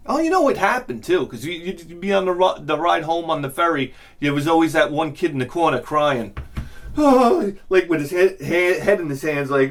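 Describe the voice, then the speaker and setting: Middle-aged guy, profane comedic rant, higher voice, pitch leaping all over. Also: moderate pace. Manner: profane, exasperated, animated ranting. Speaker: vlog host. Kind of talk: ranting comedic storytelling.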